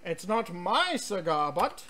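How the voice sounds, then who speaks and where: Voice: mid-range voice, sing-song, slow, bright, forceful tone, slight background noise. A game streamer giving rambling, chatty let's-play commentary, full of ums and restarts, sometimes reading on-screen text aloud.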